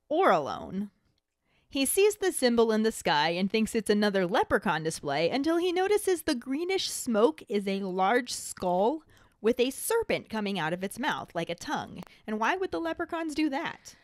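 A woman's voice: medium pitch, sing-song, moderate pace, no echo, studio quality. A woman co-hosting a podcast, comparing a book with its film in a playful, punning way. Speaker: podcast co-host.

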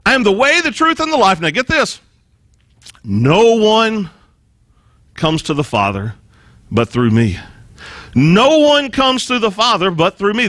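A man with a high, bright voice preaching a sermon in a church. He is emphatic and repeats key phrases, restarting his words as he drives a point home. The sound is dry and close. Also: no echo. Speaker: pastor.

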